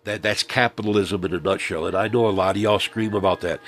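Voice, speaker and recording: A man's voice: deep voice, fairly even intonation, fast, few pauses. A middle-aged man, rambling through a casual vlog monologue with many ums and restarts. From Southern United States. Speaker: vlogger.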